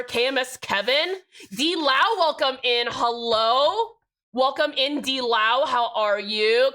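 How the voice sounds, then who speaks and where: Bright-voiced woman streamer, profane and chatty. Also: a little high. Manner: profane, joking, reads out chat names; rambling with trailing restarts. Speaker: live streamer. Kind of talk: casual livestream chat.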